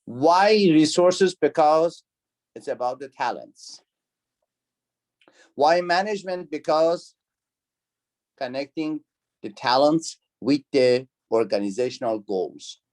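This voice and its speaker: Over a video call, a university lecturer teaches an online class in a medium-pitched, slightly mellow voice. He speaks slowly with long pauses, repeating key words, questioning his students, and using non-native phrasing.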